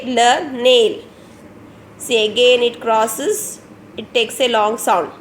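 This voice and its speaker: Young children follow along as a kindergarten teacher spells words letter by letter and repeats them patiently in an online phonics class. She speaks with an Indian English accent, taking her time in a fairly high voice. There is slight background noise.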